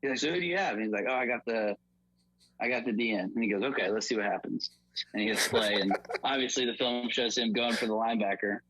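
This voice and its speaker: A man's voice: quick pace, husky, no echo, low-quality recording. A young man casually telling football stories and acting out his old coach's lines. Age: young adult. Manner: animated, acts out coach's lines in a high voice. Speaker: podcast guest, former football walk-on. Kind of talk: casual storytelling.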